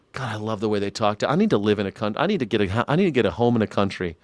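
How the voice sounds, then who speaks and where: A man's voice: on the low side, lively intonation, racing, few pauses, no echo. A man hosting a live news commentary show, reacting to clips in a profane, mocking way and laughing often.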